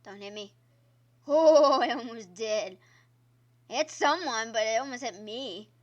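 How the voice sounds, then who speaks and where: A woman's voice: fairly high pitch, a little slow, highs cut off. A woman streamer giving casual gameplay commentary, chatty and exclaiming at the game while talking to her viewers. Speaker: gaming streamer. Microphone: own microphone.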